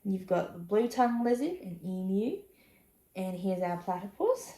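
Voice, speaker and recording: A woman reading a children's picture book aloud, with expressive, chatty asides to young listeners. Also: medium pitch, normal speed, echoey room. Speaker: storybook reader.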